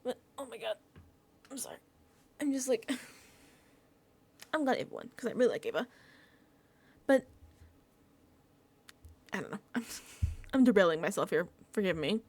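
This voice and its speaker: A young woman recapping a reality show in casual reaction commentary, animated and laughing with exasperated asides. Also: fairly high pitch, normal speed, long pauses, breathy edge.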